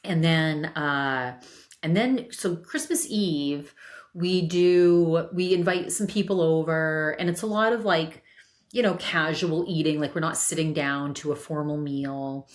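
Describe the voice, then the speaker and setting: A woman's voice: low-pitched, a little slow. A woman hosting a solo podcast, chatting casually and telling a family story with lots of restarts and repeated words. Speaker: podcast host.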